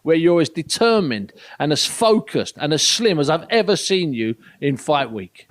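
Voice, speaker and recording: A man interviewing a boxer in a recorded interview, asking his questions in a quick, animated way. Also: on the high side. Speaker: boxing interviewer.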